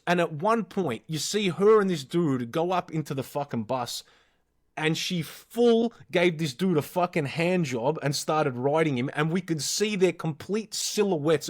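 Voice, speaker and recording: Aussie guy, bit higher voice, swears nonstop telling a mad story on a podcast. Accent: Australian. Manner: swears constantly, animated storyteller. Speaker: podcast co-host. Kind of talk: casual storytelling chat.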